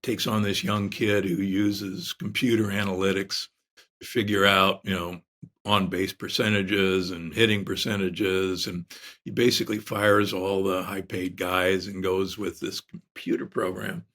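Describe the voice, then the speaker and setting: An older man speaks in a low voice with a bright, forceful edge. As an interview guest, he tells stories with animation and keeps restarting his sentences. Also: measured pace. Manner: animated storyteller with many restarts. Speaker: guest, doctor. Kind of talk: casual interview storytelling.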